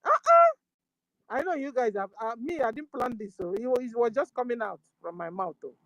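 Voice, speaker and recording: A woman's voice: on the high side, brisk, darkish tone, no echo, rough recording. A Nigerian woman speaking with fervor on a call-in discussion, full of rhetorical questions and repeated rallying phrases, switching into Igbo now and then. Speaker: guest speaker.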